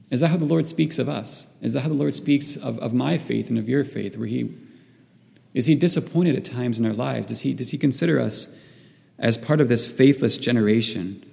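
A man's voice: medium pitch, gravelly, darkish tone. A man preaching a sermon to his church. He halts often and repeats words while he searches for the right phrasing. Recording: long reverb in a hall.

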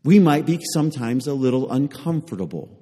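A man's voice: mid-range voice, animated, a little fast, warm tone, slightly rough, in a large hall. A man preaching a sermon to a congregation, pressing them with repeated rhetorical questions. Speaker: pastor.

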